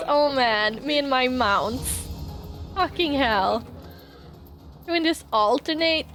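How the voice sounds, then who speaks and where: A woman's voice: sits high, expressive, takes it slowly, long pauses, loud music behind the voice. A woman streaming a game live, chatting casually, emotional and laughing, close to tears, with frequent swearing.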